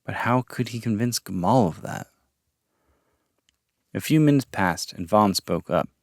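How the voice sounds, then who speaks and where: A man narrating a story podcast in a calm, measured reading voice. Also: lowish voice, vocal fry, dry recording, studio quality. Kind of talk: audiobook-style story narration.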